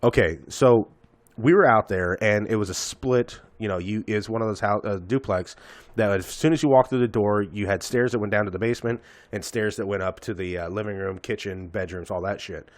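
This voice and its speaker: A man's voice: on the low side, brisk, no room sound. A man in his thirties, a podcast host telling a profane, rambling story in casual chat.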